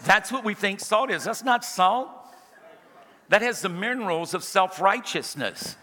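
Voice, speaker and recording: A high-pitched, piercingly bright male preacher delivering a sermon, moving between humorous anecdotes and forceful, emphatic calls to his congregation. His voice rings out in a church hall with long, trailing reverb. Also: expressive, measured pace. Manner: humorous storytelling building to emphatic exhortation.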